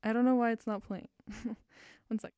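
A woman's voice: a little high, flat delivery, normal speed, mellow, no echo. Giggly woman radio host, dry studio mic. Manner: giggly, rambling, self-conscious. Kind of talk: casual radio chat. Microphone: fixed studio mic.

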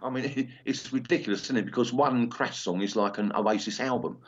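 An English punk singer in his sixties chats casually in an interview, rambling with lots of ums and restarts. His mid-range voice is husky and a little fast, and the lo-fi recording sounds slightly dull.

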